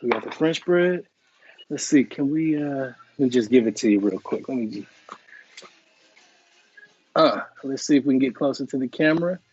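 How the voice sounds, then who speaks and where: Long pauses punctuate the moderate-paced speech of this cooking-stream host, whose mid-range voice has a darkish tone. He chats casually, samples food on camera, and jokingly apologizes to viewers, all in dry, dull lo-fi stream audio with slight background noise.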